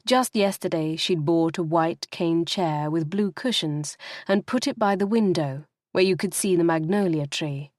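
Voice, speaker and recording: A woman with a lowish voice narrates an audiobook, giving a measured and expressive reading of scripted text. The recording is clean studio sound with no room sound.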